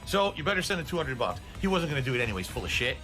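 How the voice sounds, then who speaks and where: A man's voice: medium pitch, big pitch swings, very fast, pushed and bright, soft background music. A middle-aged man live streaming, ranting in a profane, combative, indignant way, winded and out of breath. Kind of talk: ranting livestream talk.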